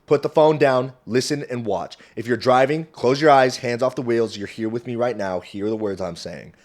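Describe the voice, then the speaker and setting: A young man vlogging alone at home into a phone camera, rambling and cursing, dropping to low mutters and then bursting out loud. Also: moderate pace. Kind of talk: casual rambling monologue. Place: small home room.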